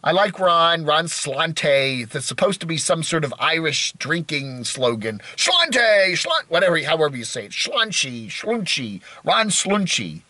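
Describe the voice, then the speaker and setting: A man's voice: fairly high pitch, moderate pace, hardly any pauses, sharp tone, dry recording. A middle-aged man from the United States talking at length on his own channel, rambling and self-deprecating, often restarting his sentences. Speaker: YouTuber. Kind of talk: rambling solo talk.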